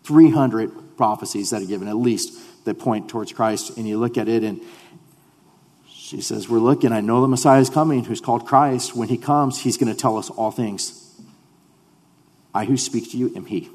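A man preaching a sermon as pastor. He drops to hushed tones, then rises to loud, fervent declarations. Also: medium pitch, moderate pace, in a large hall.

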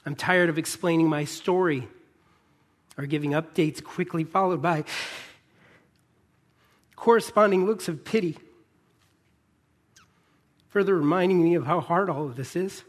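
An earnest man in his thirties preaches a heartfelt sermon with a slightly high voice. He pauses often and builds toward a fervent, pleading intensity. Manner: earnest, pausing, rising to a fervent plea. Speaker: pastor.

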